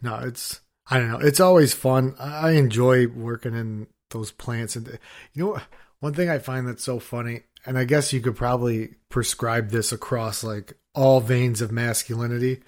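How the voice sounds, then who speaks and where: A man chatting casually on a podcast, spinning loose, filler-packed stories about work. He swears freely and keeps restarting his sentences. When he quotes angry coworkers, he imitates their shouting. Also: mid-range voice, steady tone, normal speed. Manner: rambling storyteller, swears freely, filler-heavy; acts out other people's shouting in his stories. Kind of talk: casual chat.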